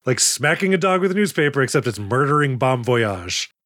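A man's voice: medium pitch, sing-song, a little fast, fairly bright tone, no room sound, clean studio sound. A man co-hosting a movie podcast, chatting casually and jokily, acting out silly voices now and then. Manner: jokey, acts out silly voices for characters. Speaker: podcast co-host.

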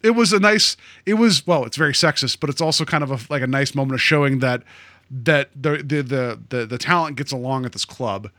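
A man's voice: mid-range voice, no echo, clean studio sound. A man co-hosting a podcast, animatedly discussing a TV episode and laughing as he talks. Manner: animated, slips into quick impressions, laughs. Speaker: podcast co-host.

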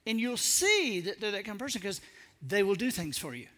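A man giving a humorous storytelling talk to an audience, animated and self-mocking, using colloquial speech full of stammering restarts. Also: sits high, brisk. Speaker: public speaker.

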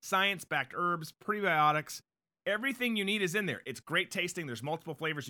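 A man hosts a live stream in a loose, joking way, moving between news chatter, viewer questions and ad reads. His voice sits a little high for a man and comes across bright and forceful. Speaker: host of a live political show. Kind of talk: casual live-stream talk.

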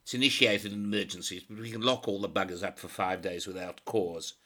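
A man's voice: fairly low pitch, fairly even intonation, brisk, pushed and bright. A man voicing a blustering, bossy police chief who barks orders and swears crudely.

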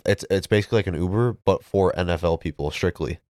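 A man's voice: low-pitched, fast, a little mellow, no echo, clean studio sound. A man co-hosting a podcast, chatting casually and reading out news details with filler words. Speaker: podcast co-host. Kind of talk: casual chat.

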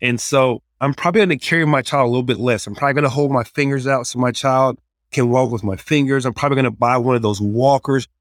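A man's voice: medium pitch, fast, dry recording, clean studio sound. Earnest man giving practical ministry advice. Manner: earnest, practical, acts out quoted prayers and kids. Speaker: youth ministry leader. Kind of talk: casual podcast advice.

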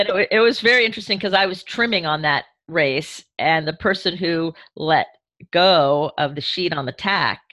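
A man's voice: on the high side, sharp tone, dry recording. A man in casual chat, supportive and reflective. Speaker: co-host, sailing crew.

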